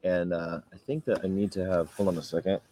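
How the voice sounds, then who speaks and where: A man's voice: low voice, steady tone, a little fast, dark tone, slight background noise. A man from California vlogging casually about his street activism, rambling and acting out his run-ins. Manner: rambling storyteller, acts out confrontations in raised voices. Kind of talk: casual talking-to-camera vlog.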